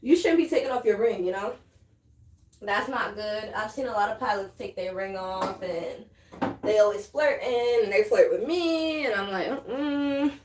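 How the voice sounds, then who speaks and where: A flight attendant woman gossiping casually to the camera, animated and laughing between sentences, from a hotel room on a layover. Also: mid-range voice, moderate pace, background noise. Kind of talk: casual chatty storytime to camera.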